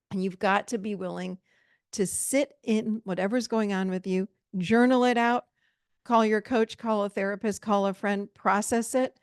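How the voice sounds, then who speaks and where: A woman's voice: mid-range voice, fairly even intonation, normal speed, clear, resonant tone, no room sound, clean studio sound. A woman hosting a podcast, giving relationship advice in a direct, emphatic, conversational way. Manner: emphatic, direct, conversational, addresses listeners as "you guys". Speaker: podcast host and relationship coach. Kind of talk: solo podcast advice talk.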